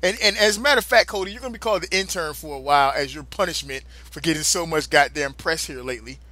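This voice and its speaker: A man hosting a casual podcast chat, loud and emphatic, swearing often and breaking into laughs. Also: a little high, fast talker, no echo. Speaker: podcast host.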